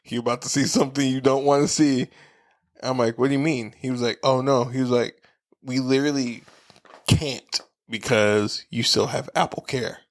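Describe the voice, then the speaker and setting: A man co-hosting a podcast, telling a story in casual, profane chat and acting out the people he quotes with animated, shifting voices. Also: medium pitch, normal speed. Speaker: podcast co-host.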